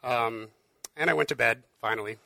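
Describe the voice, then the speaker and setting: Gravelly-voiced man giving a casual sermon. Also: mid-range voice, normal speed, sharp tone, no room sound. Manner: earnest, conversational, with frequent fillers. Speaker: preacher.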